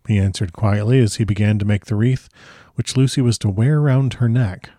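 A man narrating a classic novel in the first person with measured, formal diction. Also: lowish voice, steady tone, mellow, no room sound, studio quality. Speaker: audiobook narrator.

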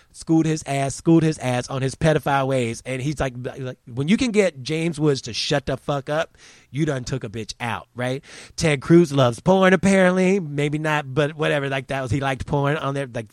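A man hosting a casual commentary show, animated and crude, mocking the people he talks about. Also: mid-range voice, no echo, studio quality. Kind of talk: casual profane news commentary.

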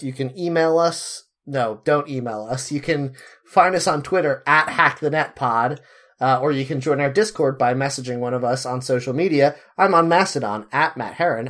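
Give me a young man co-hosting a podcast in relaxed chat, wry and joking. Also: fairly high pitch, moderate pace. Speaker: podcast co-host. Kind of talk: casual chat.

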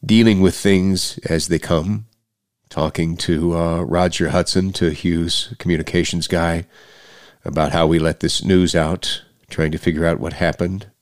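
Close to the microphone, a deep-voiced middle-aged man delivers a monologue for his own podcast in a steady tone. He's earnest yet hesitant, often breaking off and starting a phrase over, and the audio is completely dry with no room sound.

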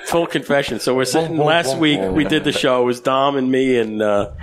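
A man's voice: mid-range voice, steady tone, moderate pace, a crowd in the background. A man co-hosting a casual cigar podcast, easygoing and laid-back. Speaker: podcast co-host. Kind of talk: casual chat.

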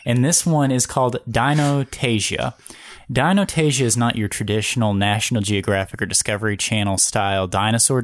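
A man's voice: fairly low pitch, dry recording, studio quality. A man co-hosting a podcast in casual chat, joking and self-deprecating. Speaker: podcast co-host.

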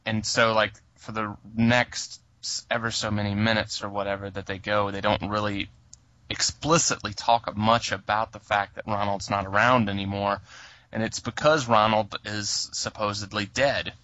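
A man's voice: lowish voice, level tone, normal speed, pushed and bright, lo-fi sound. A man chatting loosely as a podcast co-host about a film, laughing along. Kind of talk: casual chat.

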